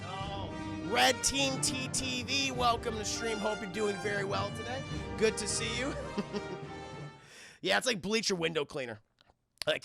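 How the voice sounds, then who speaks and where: Gravelly, high-pitched streamer guy. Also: pushed and bright, no room sound, studio quality. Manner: rambling, swears often, keeps addressing chat. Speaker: streamer reviewing a film. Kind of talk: casual live-stream commentary.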